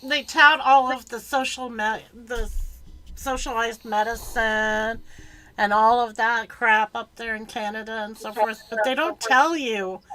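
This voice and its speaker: A middle-aged woman with a high, bright voice talks in an unhurried, easygoing way on a video call. She tells stories about her grown children and plays out their short answers on the phone. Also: poor audio. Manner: animated storyteller who acts out family phone calls. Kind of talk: casual chat.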